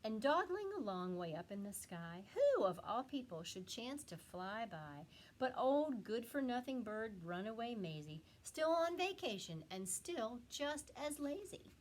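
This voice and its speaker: A woman teacher reading a rhyming picture book aloud to children with expressive, animated storytelling. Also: on the high side, measured pace, few pauses.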